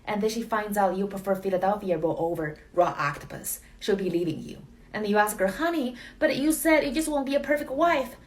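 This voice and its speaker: A woman's voice: mid-range voice, a little fast, hardly any pauses, distant mic. A woman doing a comic monologue in a mock-wise tone, putting on voices for the quoted lines.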